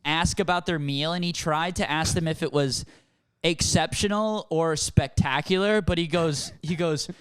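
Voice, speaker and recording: A young man with a slightly high, smooth and clear voice tells a loose story, laughing and jumping up in pitch when he acts out what people said. The sound is dry and close. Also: normal speed, hardly any pauses, dry recording. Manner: animated, laughing, acts out quotes in a higher voice. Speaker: podcast co-host. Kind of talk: casual storytelling chat.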